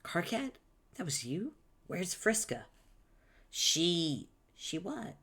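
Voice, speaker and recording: A man's voice: sits high, very animated, slow, sharp tone, breathy edge, pitched above the performer's own voice, full character voice. A man voicing a cheerful, naive teenage boy, upbeat and a bit puzzled, reading a webcomic aloud.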